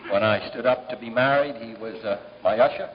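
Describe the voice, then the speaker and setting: A middle-aged man giving a formal political speech at a fundraiser, measured and pausing often with "uh" between phrases. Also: mid-range voice. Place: large banquet hall. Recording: dull 1960s archive recording, long hall reverb, faint hiss.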